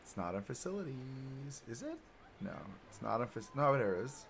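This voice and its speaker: A man's voice: mid-range voice, lively intonation, normal speed, bright, forceful tone. A young man chatting to himself and his viewers as he builds in a live game stream. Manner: chatty, self-talking while building. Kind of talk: live gameplay commentary.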